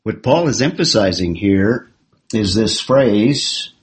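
A man teaching a Bible class, explaining the text and putting questions to his students with halting restarts. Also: fairly low pitch, animated, a little hiss or hum, poor audio. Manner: slow and deliberate, with halting restarts.

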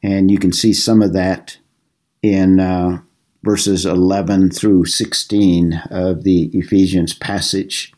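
A man's voice: low voice, little pitch movement, darkish tone. Man teaching a Bible study class. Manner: measured, explanatory, with halting restarts.

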